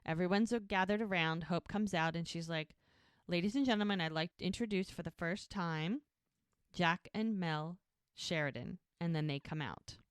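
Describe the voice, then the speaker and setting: A woman co-hosting a podcast, recapping a TV episode in a relaxed, chatty way. She slips into the characters' lines as she goes and laughs often. Her voice is smooth and on the low side, recorded dry and close. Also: normal speed, no echo. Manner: retells scenes by acting out lines, laughs often. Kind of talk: casual chat.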